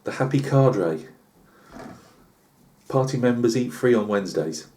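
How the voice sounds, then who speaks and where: On his channel, a British man in a warm, mid-range voice spins a meandering, funny tall tale at a measured pace. He's animated and chatty, piling on asides and fillers.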